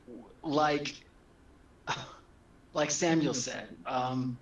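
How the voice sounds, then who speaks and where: A man's voice: medium pitch, fairly even intonation, measured pace, reverberant, distant mic, rough recording. A man playing a tabletop horror game, joking and laughing often with the others. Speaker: player.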